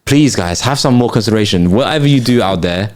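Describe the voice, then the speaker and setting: A young man holds forth on a casual late-night podcast, his voice sitting low. He rants with loose slang and frequent swearing. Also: lively intonation, quick pace, a little mellow. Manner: ranting, slangy, swears freely. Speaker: podcast host.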